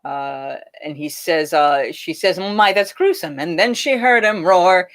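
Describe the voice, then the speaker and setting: A woman's voice: deep voice, expressive, slow. A woman and renaissance faire singer, singing bawdy folk songs and chatting with viewers on a livestream, reading out their comments between songs.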